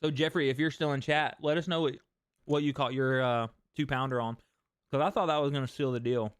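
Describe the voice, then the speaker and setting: A man's voice: mid-range voice, steady tone, fairly quick, clear, resonant tone, no room sound, studio quality. A young man hosting a fishing livestream, chatting casually and reading viewer comments aloud with easy laughs. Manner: laid-back, reads viewer comments aloud, laughs easily. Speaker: fishing channel host.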